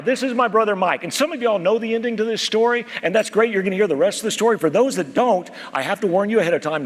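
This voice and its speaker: Guy giving a keynote, husky-ish voice, big swings up and down, hall echo. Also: high voice. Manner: storytelling, drops to a hush for serious points, calls out to the crowd. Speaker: keynote speaker. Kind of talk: motivational keynote speech. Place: large conference hall.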